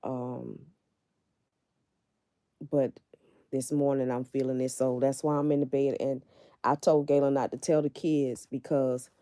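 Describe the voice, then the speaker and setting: Brief: middle-aged woman, low mellow voice, candid live-stream host talking straight to viewers from bed, dry close sound. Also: little pitch movement, unhurried, long pauses, no echo. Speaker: livestream host. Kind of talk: casual live-stream chat. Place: in bed at home.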